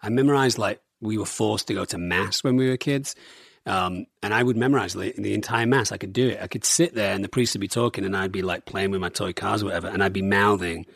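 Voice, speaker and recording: English guy rambling through a story, bit low voice, dead dry mic. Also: fairly even intonation, quick pace, gravelly, dry recording. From England. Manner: rambling storyteller, many fillers. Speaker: guest. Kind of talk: casual chat.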